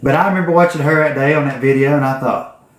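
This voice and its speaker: A man's voice: a little high, fairly even intonation, fast talker. A man, telling a folksy, profane story to camera. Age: 40s. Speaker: vlogger telling his business story. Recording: echoey room.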